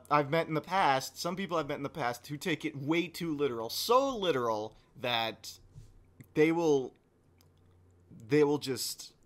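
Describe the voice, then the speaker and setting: A man co-hosting a podcast, telling a story in casual chat and swinging from low mumbling to loud yelling. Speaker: podcast co-host.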